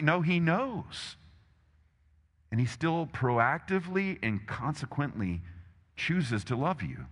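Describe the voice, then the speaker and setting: A man's voice: medium pitch, sing-song, takes it slowly, long pauses, a bit bright, husky. A man preaching a sermon as pastor, emphatic and conversational, asking the congregation rhetorical questions. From Texas, USA. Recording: long hall reverb.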